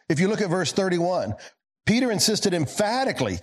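A male pastor giving a sermon, swinging between emphatic lines and low quiet asides, putting questions to the congregation. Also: very animated, a little fast, slightly rough.

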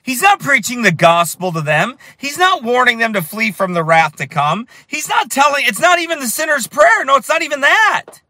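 A man preaching with fire and emphasis as he tells a story, at times rising to shouts. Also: very high voice, sing-song, normal speed, no room sound. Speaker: street preacher. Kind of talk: preaching while telling a story.

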